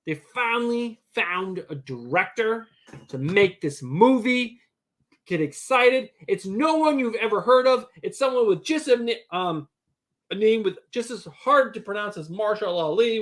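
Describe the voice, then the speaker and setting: Guy cohosting a livestream, animated, gets loud and defensive, pitch all over. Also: measured pace. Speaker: co-host. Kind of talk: casual livestream chat.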